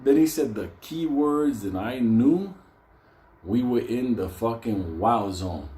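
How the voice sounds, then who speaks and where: A man's voice: mid-range voice, slow pace. A man telling a comic personal story, swearing constantly and laughing often. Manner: profane, animated, laughs often. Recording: echoey room.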